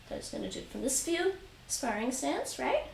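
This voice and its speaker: A woman's voice: high voice, very animated, brisk, gravelly. A woman teaching taekwondo on a live stream, patiently repeating instructions and counting reps aloud. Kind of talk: live-streamed home exercise lesson. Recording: roomy echo, distant mic, faint noise.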